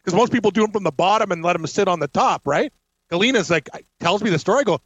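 A man hosting a sports talk radio show, telling stories in a lively, joking way. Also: high voice, fast talker, no echo, dull audio. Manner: animated storyteller, laughs often.

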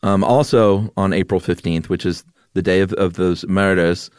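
A man co-hosting a podcast, laying out events in a relaxed storytelling way with filler pauses. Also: deep voice, smooth, dry recording, clean studio sound. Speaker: podcast co-host. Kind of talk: casual conversational storytelling.

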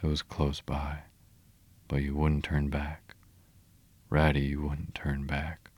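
Weepy timid little mole guy, read by a man, broken pleading speech, super deep flat voice, dry sound. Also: slow pace, no room sound, exaggerated voice. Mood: sobbing. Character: tearful timid small male mole.

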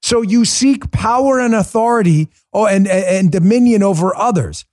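Man, political podcast host, combative mocking rant, fairly high voice. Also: animated, moderate pace, a little mellow. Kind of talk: opinionated podcast monologue.

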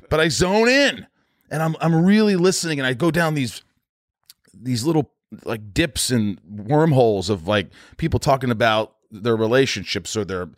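A man hosts a podcast and talks in a loose, rambling way, often restarting his thoughts. His voice sits at an ordinary pitch and the sound is dry and close. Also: no echo. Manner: rambling, self-interrupting, with many restarts. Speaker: podcast host. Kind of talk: casual chat. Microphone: headphones and studio mic.

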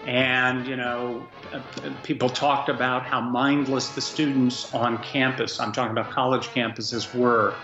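A man interviewed as an academic guest, speaking in a hesitant, measured way with fillers. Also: medium pitch, flat delivery. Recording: roomy, muffled with music.

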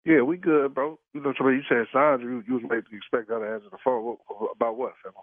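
A man's voice: medium pitch, fairly even intonation, fast, no room sound. Irate man on a tinny phone line. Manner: heated, swearing, incredulous laughs. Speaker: prank call target. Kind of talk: phone call.

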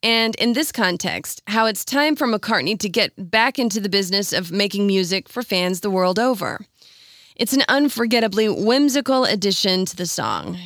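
A woman's voice: mid-range voice, a bit bright, no room sound. Dry-voiced woman narrating a radio feature. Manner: measured, explanatory storytelling. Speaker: radio host.

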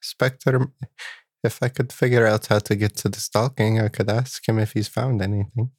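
A man's voice: lowish voice, fairly even intonation, normal speed, dry recording, studio quality. A man playing in a tabletop game, making short offhand remarks. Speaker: player.

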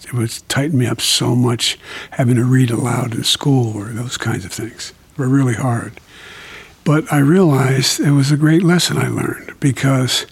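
Older man with a gravelly, husky voice. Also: mid-range voice. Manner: slow, halting, with many fillers and restarts. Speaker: interview guest. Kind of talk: reflective conversation about grief.

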